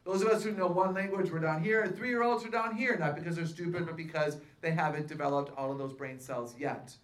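A woman addressing a live audience at a faith-based seminar. She talks in a lively way, keeps asking the crowd questions, and pokes fun at herself. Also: sits low, fairly quick. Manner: playful self-mocking humor. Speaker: seminar speaker and author.

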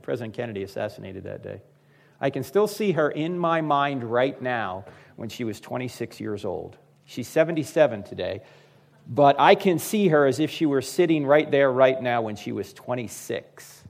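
With a creaky, medium-pitched voice and a moderate pace, a man in his fifties delivers a funny talk before a live audience. As a lively storyteller, he addresses the crowd directly and performs the voices of the characters he quotes.

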